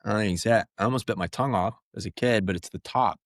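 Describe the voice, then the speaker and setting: A man's voice: on the low side, fast, no room sound, studio quality. A man co-hosting a podcast who chimes in with short remarks and questions. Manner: short interjections and follow-up questions. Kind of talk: casual podcast chat.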